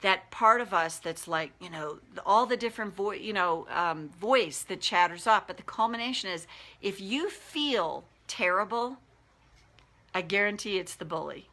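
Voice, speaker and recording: A woman's voice: medium pitch, moderate pace. A middle-aged woman, a life coach, talking casually on a live stream and acting out the voices in her head. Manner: animated, acts out inner voices.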